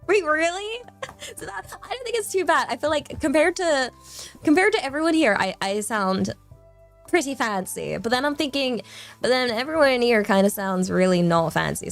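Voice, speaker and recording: A woman's voice: a little high, fairly bright tone. Bubbly southern English woman streamer. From southern England. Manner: bubbly, rambling, repeats words, giggly. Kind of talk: casual live-stream chat.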